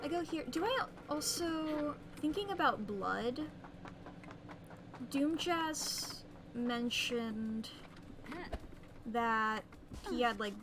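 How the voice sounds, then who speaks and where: A woman's voice: on the high side, expressive, extremely slow, long pauses, noisy background. A woman streaming a game, chatting casually and playfully, thinking aloud and humming silly noises. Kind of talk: casual gameplay commentary. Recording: game music behind.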